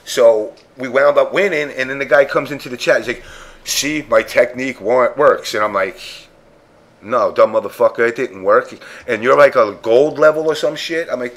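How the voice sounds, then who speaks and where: A man of ordinary pitch chats on a podcast panel. He is blunt and profane, and he acts out the other people's lines as he tells his story. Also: moderate pace, a bit bright. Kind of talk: casual chat storytelling.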